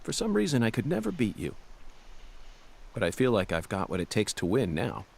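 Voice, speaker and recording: A man's voice: on the low side, huge pitch swings, moderate pace, creaky, husky, heavily acted. An actor playing a quirky male special agent in a video game who talks earnestly to an unseen partner. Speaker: game character. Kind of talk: game voice acting. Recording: game audio under loud outdoor ambience.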